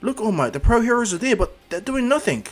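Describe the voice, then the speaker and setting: A man's voice: lively intonation, normal speed, fairly bright tone. A man voicing an earnest teenage boy hero with huge powers in a fan-made story, in a raised, keen voice. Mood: eager. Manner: higher, earnest voice, turning cold and commanding.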